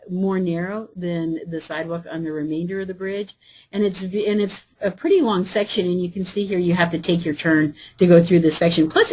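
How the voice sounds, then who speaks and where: Husky-voiced woman giving a conference talk. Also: lowish voice, a little mellow, rough recording. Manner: conversational, with fillers and asides. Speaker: state transportation official presenting. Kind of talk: conference presentation.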